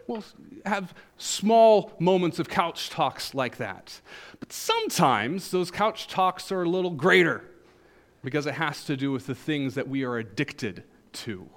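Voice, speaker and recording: A man delivers a sermon as a pastor, talking it through like a story with wry humor. His voice sits in an ordinary middle pitch, climbing to emphatic highs and then dropping into soft, low asides.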